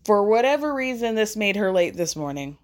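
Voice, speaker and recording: Woman podcast host, casual recap chat, chatty, laughs a lot, mid-pitched voice. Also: a little fast. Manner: chatty, laughs often, animated.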